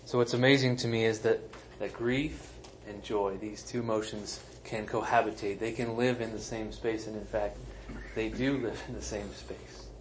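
Male pastor, lowish voice, conversational and emphatic sermon delivery, faint noise floor. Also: steady tone, normal speed, few pauses, low-quality recording. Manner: conversational, emphatic, self-deprecating asides. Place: church sanctuary.

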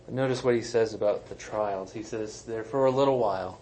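Male pastor, lowish voice, conversational and emphatic sermon delivery, faint noise floor. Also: fairly quick, dark tone, poor audio. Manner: conversational, emphatic, self-deprecating asides. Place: church sanctuary.

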